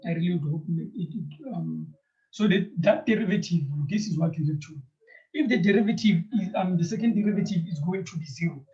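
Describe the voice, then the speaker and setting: A man teaching a math lesson, speaking straight to his students, often checking in with "right?" and filling pauses with "um". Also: high voice, warm tone. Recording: dull lo-fi recording.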